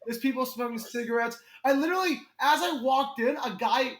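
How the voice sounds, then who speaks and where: A man's voice: very high voice, fairly quick, a bit bright. A young man with a New York accent, a guest comedian in a casual podcast chat, telling stories animatedly and laughing often. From Connecticut. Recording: roomy echo.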